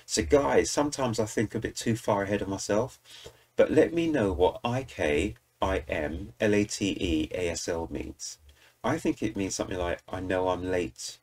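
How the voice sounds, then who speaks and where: Deep, a little mellow and slightly rough, this British man's voice carries a music reaction video. He chats enthusiastically and speaks straight to the people watching, giving casual commentary on what he hears.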